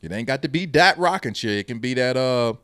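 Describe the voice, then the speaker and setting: A man's voice: mid-range voice, a little fast, no room sound, clean studio sound. A man hosting a podcast in casual chat, telling stories and acting out what people said. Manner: animated storyteller, acts out quotes. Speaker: podcast host.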